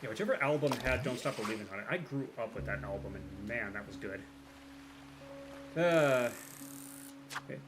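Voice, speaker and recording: A baritone man chatting casually and a little self-deprecatingly while livestreaming a game. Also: animated, normal speed, long pauses, music in the background. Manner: rambling, self-deprecating, playful. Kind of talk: casual chat while gaming.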